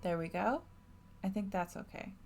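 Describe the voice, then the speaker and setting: A woman's voice: medium pitch, normal speed, gravelly, a little mellow, soft background music. A woman streaming a narrative game from home, chatting casually with enthusiasm and many fillers. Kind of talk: casual let's-play chat.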